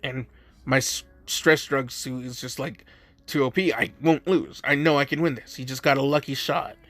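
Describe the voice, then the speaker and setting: A man's voice: medium pitch, steady tone, normal speed, fairly bright tone, no room sound, lightly acted. A man voicing an arrogant adult male villain who talks himself into winning. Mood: smug. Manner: rambling, self-convincing.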